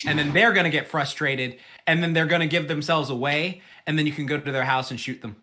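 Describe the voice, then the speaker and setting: Bright, rambling young podcast co-host. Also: male voice, a little high, fairly quick, slight background noise. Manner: rambling, profane, animated storytelling with put-on quotes. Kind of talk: casual chat.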